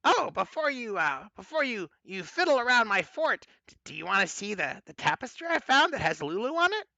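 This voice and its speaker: A man voicing an excitable old female hag who smacks her lips. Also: very high voice, a little fast, gravelly, dull audio, pitched above the performer's own voice, full character voice. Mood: eager.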